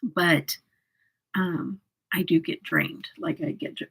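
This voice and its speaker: A woman's voice: fairly low pitch, fairly even intonation, unhurried, vocal fry, slightly rough, low-quality recording. A woman hosting a casual makeup livestream, laughing often as she chats and answers viewer comments. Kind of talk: casual livestream chat while doing makeup.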